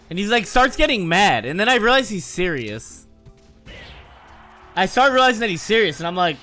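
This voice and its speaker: A man talking casually to his stream audience, telling stories in an animated, profane, joking way. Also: sits high, moderate pace, long pauses, soft background music.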